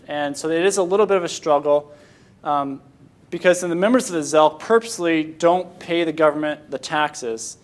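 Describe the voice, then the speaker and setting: A young man's fairly high voice carries an informal Sunday school talk; he's from Michigan, USA. Sentences frequently break off and start again, and afterward he fields questions.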